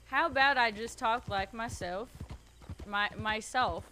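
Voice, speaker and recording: A woman's voice: fairly high pitch, unhurried, sharp tone, a little hiss or hum. A young woman streamer with a slight twang, chatting casually, swearing a lot and criticizing herself as she tries out a character voice. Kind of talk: casual chat, trying out a character voice.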